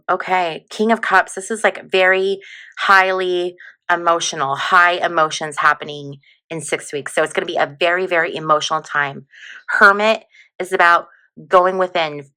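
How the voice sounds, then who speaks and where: Give me a chatty woman reading tarot cards in a bright, slightly low voice. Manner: chatty, giggly, lots of fillers like "like" and "you know". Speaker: tarot reader. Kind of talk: casual tarot reading monologue.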